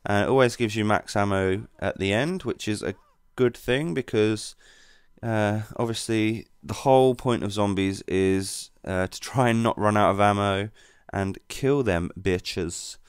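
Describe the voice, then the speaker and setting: A man giving relaxed, rambling commentary over his gameplay as the channel's host. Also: fairly low pitch, a little slow, clear, resonant tone, no room sound, clean studio sound.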